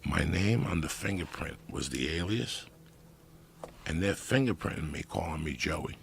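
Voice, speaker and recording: Gravelly deep-voiced man telling wild stories. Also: moderate pace, slight background noise. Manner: loud animated storytelling with heavy swearing. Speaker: podcast guest storyteller. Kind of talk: profane comedic storytelling.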